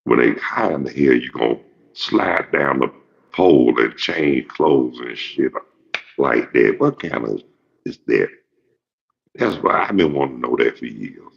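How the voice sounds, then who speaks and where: This show host, a man in his fifties, has a rumbling low voice with vocal fry and a breathy edge, animated yet unhurried. His rambling, joking monologue is full of swearing, captured on a dull lo-fi recording.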